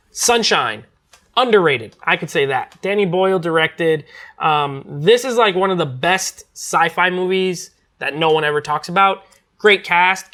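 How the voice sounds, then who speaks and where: A man's voice: high-pitched, pushed and bright. A man reviewing movies in a casual, rambling chat, full of fillers and restarts.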